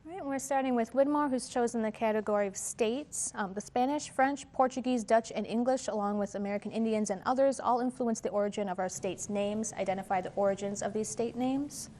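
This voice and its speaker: A woman moderating a quiz competition, reading questions and rulings in a measured, formal way with an occasional "um". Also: fairly high pitch, warm tone.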